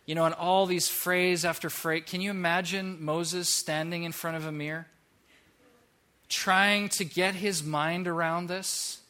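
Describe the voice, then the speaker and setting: A male pastor preaching from the pulpit with an animated, lively delivery. His voice is bright and forceful and sits a touch above the usual male pitch. He mixes earnest points with playful mock voices. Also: measured pace. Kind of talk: sermon.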